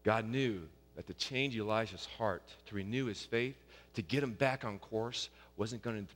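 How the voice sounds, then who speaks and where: A man preaching a sermon, rising loud and high on his questions and dropping soft and low for quiet passages. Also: moderate pace, long reverb tail. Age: young adult or middle-aged, a father of young kids. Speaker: pastor.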